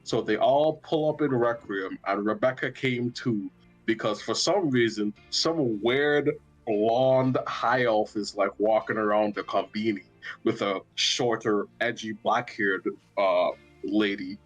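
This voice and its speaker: A man's voice: fairly low pitch, a little slow, lo-fi sound, faint music behind. A young man casually recapping a tabletop game session, rambling and joking with lots of swearing. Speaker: tabletop player.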